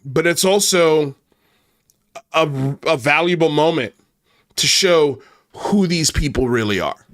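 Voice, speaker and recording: A man's voice: fairly high pitch, slow, pauses often. A man hosting an online commentary channel, ranting angrily with a lot of swearing and the odd repeated start. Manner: angry, profane, ranting; repeats himself and restarts when worked up. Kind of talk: heated online commentary rant.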